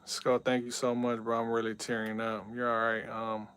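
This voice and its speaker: While live-streaming a football video game, this man reads out viewer messages in casual chat and yells when big plays happen. His medium-pitched voice is clear and resonant, delivered completely flat at a moderate pace.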